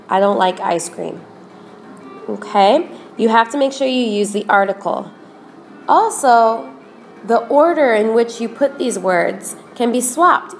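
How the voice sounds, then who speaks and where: Woman teacher, unhurried explainer, middle pitch, faint music under the voice. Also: expressive. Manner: slow, careful explaining, repeats examples. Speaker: Spanish teacher. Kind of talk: recorded grammar lesson.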